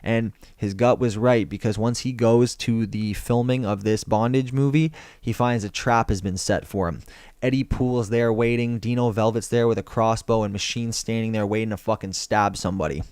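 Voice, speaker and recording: A young male film reviewer with a mid-range, darkish, clear and resonant voice casually recaps a movie plot. He swears freely and rambles as he tells it, recorded dry with clean studio sound.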